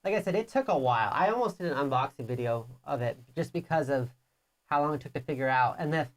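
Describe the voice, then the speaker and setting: A woman's voice: deep voice, animated, quick pace. A woman co-hosting a live board game playthrough, teasing her opponent and explaining rules at length in casual chat. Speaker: board game show co-host.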